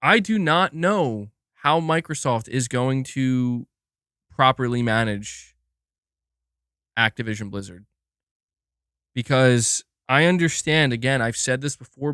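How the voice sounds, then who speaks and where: A man's voice: medium pitch, a little slow, a bit bright, clean tone, dry recording, clean studio sound. A man hosting a live gaming stream, talking casually and thinking aloud, with lots of restarts and the odd swear.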